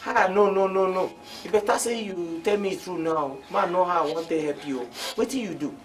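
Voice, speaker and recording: A man's voice: high-pitched, moderate pace, distant mic, slight background noise, natural voice. An actor playing a teasing co-worker who coaxes his friend, speaking with a Nigerian Pidgin accent.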